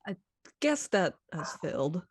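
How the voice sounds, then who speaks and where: A woman's voice: lowish voice, big pitch swings, measured pace, husky, no echo, studio quality. A woman playing a tabletop role-playing game, speaking hesitantly with many restarts. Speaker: player.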